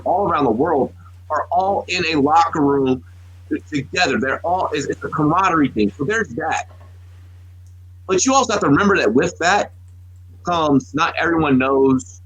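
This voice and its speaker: A man in his thirties co-hosting a sports podcast, speaking in a husky, slightly raised voice. He tells long, profane stories and keeps backing up to restart his sentences. The mic is close and the sound is dry. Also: fairly high pitch, a bit bright, no room sound, poor audio. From United States. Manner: profane, rambling storyteller with many restarts. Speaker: podcast co-host. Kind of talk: casual sports talk.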